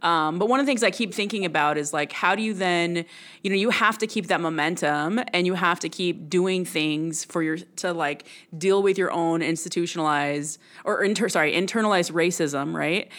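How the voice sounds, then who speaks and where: A woman's voice: fairly low pitch, normal speed. A woman in casual conversation, thoughtful and affirming, often saying yep and mm-hmm. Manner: thoughtful, agreeing, steady back-channel.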